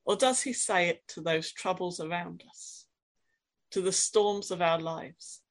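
A woman preaching a sermon, reflective and questioning, reading scripture in a quiet, dramatic voice. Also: on the low side, a little slow, a little hiss or hum.

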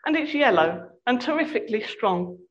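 A woman's voice: on the high side, lively intonation, normal speed, lo-fi sound, voice pushed up, natural voice. A woman voicing a blunt, eager schoolboy with an exasperated manner.

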